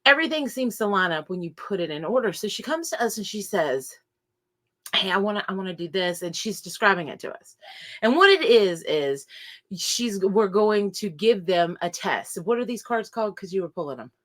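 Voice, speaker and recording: A woman's voice: mid-range voice, sing-song, moderate pace, a bit bright. A woman with an Appalachian accent, co-hosting a podcast in casual chat. She jokes brashly and often calls the listeners "guys". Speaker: podcast co-host.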